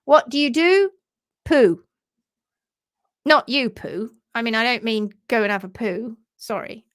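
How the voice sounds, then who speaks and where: A woman hosting a casual live stream about horse care, chatting and reading out viewer comments in a lively, animated way. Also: fairly high pitch, unhurried, no echo, clean studio sound. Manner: chatty and animated, laughs easily, acts out quotes in funny voices.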